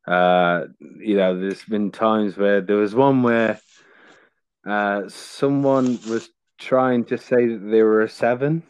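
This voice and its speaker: Male podcast guest, low pitch, dry close mic, loose rambling storyteller. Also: takes it slowly, clean tone, no echo. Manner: rambling storytelling with many fillers. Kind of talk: casual chat.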